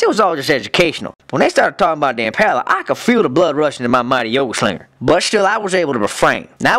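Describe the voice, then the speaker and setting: A man's voice: a little high, a bit bright. A man voicing a crude, lecherous male cartoon villain, telling folksy stories with gusto. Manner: folksy, crude, exuberant storyteller. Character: lecherous rowdy male villain, Southern drawl. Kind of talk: cartoon comedy voice acting.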